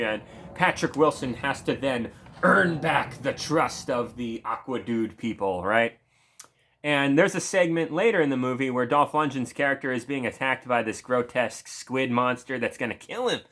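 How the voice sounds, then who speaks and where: A man's voice: mid-range voice, fairly bright tone. Rambling, profane gaming streamer man. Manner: profane, rambling, laughs at his own jokes. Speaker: gameplay streamer. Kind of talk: casual commentary over gameplay.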